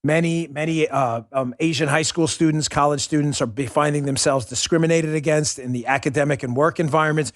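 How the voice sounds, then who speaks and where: A man's voice: fairly high pitch, fairly even intonation, fairly quick, hardly any pauses, dry recording, clean studio sound. A man hosting a political commentary show, talking in a combative, ranting and mocking way. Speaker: host.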